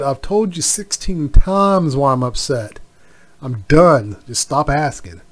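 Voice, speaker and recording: A man's voice: mid-range voice, slow. A middle-aged man hosting a casual solo podcast, rambling with many fillers and asides. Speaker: podcast host.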